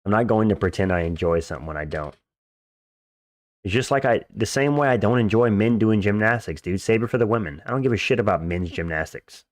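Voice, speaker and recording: In studio-quality audio with no echo, a man with a lowish voice talks a little fast while live-streaming fights. He casually reads out questions from chat and shoots back blunt, crude, dismissive jokes.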